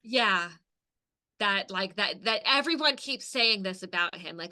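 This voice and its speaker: A woman's voice: mid-range voice, animated, a little slow, pushed and bright. A woman co-hosting a podcast in casual chat, talking loosely with lots of filler words and the odd swear. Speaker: podcast co-host.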